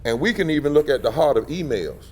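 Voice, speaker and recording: A man's voice: mid-range voice, big pitch swings, fast, darkish tone, slight background noise. A man, speaking as a civil rights leader at a press event, in a rhythmic, emphatic preacher style that swells on key phrases. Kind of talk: impassioned preacher-style public address. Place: indoor press gathering.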